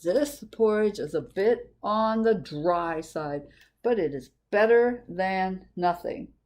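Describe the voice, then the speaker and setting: A woman voicing a fussy male bear in a picture book read-aloud, complaining slowly and deliberately. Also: medium pitch, animated, a little mellow. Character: grumpy fussy male bear, hard to please.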